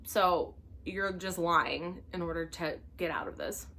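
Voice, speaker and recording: A young adult woman, a flight attendant, telling a work story in a casual vlog, animated and exasperated, with sudden loud bursts of disbelief. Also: fairly low pitch, measured pace.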